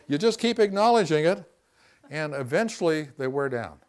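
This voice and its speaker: A man's voice: a little high, animated, normal speed, a little hiss or hum. Guy teaching a communication class, folksy, keeps saying see and you know, acts out little quotes. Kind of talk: classroom lecture.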